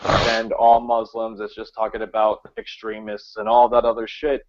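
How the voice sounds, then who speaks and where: A man's voice: on the low side, completely flat delivery, moderate pace. A man rants heatedly and swears on a casual stream hangout. The sound is muffled and lo-fi. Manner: heated ranting, swears a lot. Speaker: musician and video maker. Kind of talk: casual profane ranting. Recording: dull lo-fi mic.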